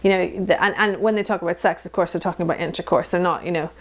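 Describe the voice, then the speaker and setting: A woman's voice: lowish voice, fast talker. A woman in her thirties, an interview guest, talking frankly and animatedly and laughing often. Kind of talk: candid personal conversation.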